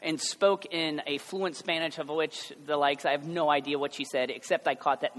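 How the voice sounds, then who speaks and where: A man's voice: on the high side, steady tone, normal speed, hardly any pauses, fairly bright tone. An American man in his thirties preaching a conversational sermon with joking asides, building to emphatic passion. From United States. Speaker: pastor. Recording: long hall reverb.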